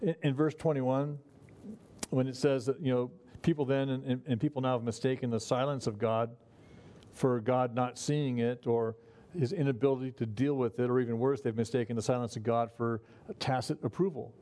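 Mellow-voiced man preaching a folksy sermon. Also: medium pitch, steady tone, normal speed. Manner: folksy, chuckles at his own remarks. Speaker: pastor. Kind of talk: conversational sermon.

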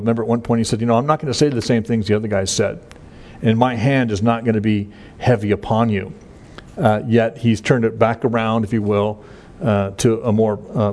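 Halting, conversational man teaching Scripture. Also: lowish voice, darkish tone. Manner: conversational, halting, many fillers and restarts. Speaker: Bible teacher. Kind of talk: verse-by-verse Bible teaching.

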